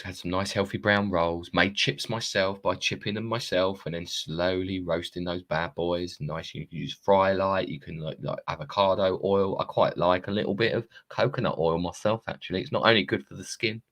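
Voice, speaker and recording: A man's voice: sits low, a bit bright. A man in his thirties talking to viewers live from his phone, rambling and chatty, swearing now and then and laughing at himself. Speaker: live-streaming self-help coach. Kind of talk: casual live-stream monologue.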